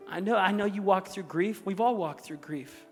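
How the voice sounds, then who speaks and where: A male pastor voicing a grieving, gentle man of faith, speaking quietly and tenderly. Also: high voice, moderate pace. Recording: echoey hall with music underneath.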